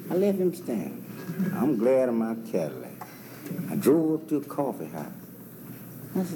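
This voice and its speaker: A man's voice: mid-range voice, sing-song. A man telling a long rambling story in folksy dialect, chuckling and throwing in asides. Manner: loose, chuckling, drawn-out delivery with lots of asides. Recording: noisy old recording with hiss.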